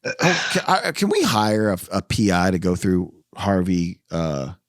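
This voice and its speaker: A man's voice: low voice, sing-song, unhurried, dry recording, studio quality. A man co-hosting a podcast in casual chat, ranting heatedly and swearing a lot. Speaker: podcast co-host. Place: podcast studio.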